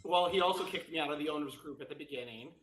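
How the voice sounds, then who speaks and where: Man, somewhat high voice, animated rambling storyteller, roomy echo. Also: very fast, over a noisy crowd. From Chicago. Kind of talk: casual chat.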